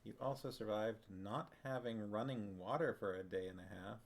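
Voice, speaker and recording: A man's voice: on the low side, fairly even intonation, normal speed, creaky. A man streaming live, chatting casually and rambling as he reacts to messages from his viewers. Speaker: streamer reading a book with viewers.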